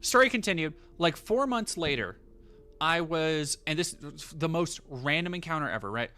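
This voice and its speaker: A man's voice: on the high side, expressive, moderate pace, pushed and bright, soft background music. A man streaming live, telling a rambling, profane story in casual chat with many fillers and restarts.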